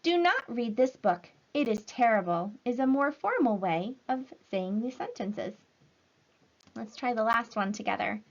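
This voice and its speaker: A woman teacher giving a recorded language lesson to children, speaking slowly and clearly in an encouraging way. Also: on the high side, lively intonation. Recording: slightly dull lo-fi audio.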